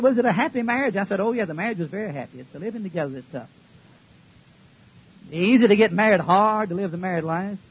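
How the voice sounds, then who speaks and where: An older man preaching a folksy, joking sermon, swinging between loud outbursts and low mutters. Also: husky, muffled recording.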